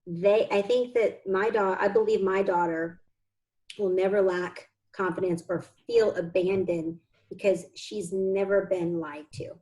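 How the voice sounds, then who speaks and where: A woman's voice: medium pitch, fairly even intonation, unhurried, dark tone, poor audio. A woman in an interview, an adoptive mother and foundation founder, telling her family's story in a heartfelt, earnest way that comes close to tears.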